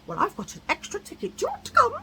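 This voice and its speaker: A woman voicing an excitable, eccentric woman met at a cafe, in a shrill, high, gushing voice. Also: very fast, background noise, heavily acted.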